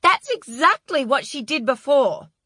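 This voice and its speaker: A woman voicing a startled young female office assistant with a high, excitable, shrill delivery in an audiobook. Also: normal speed, dry recording, studio quality, natural voice. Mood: agitated.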